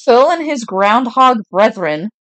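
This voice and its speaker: Female co-host, reads facts aloud in mock newscaster style, slightly high voice. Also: very animated, a little slow, a bit bright. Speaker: podcast co-host. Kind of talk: casual chat, reading facts aloud.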